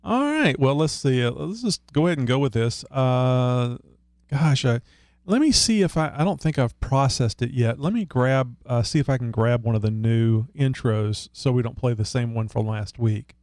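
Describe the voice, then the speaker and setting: Male podcast co-host, gravelly, rambling and joking, dry close mic. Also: mid-range voice, moderate pace, a little mellow, no echo. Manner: joking, rambling, fiddles with his setup while talking. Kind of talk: casual chat.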